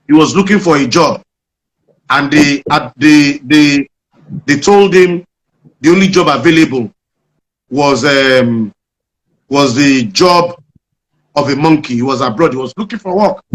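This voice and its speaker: Nigerian man, comedian, animated storyteller, fairly high pitch, Nigerian accent, interview guest. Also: unhurried, long pauses, low-quality recording. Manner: animated storyteller, acts out jokes.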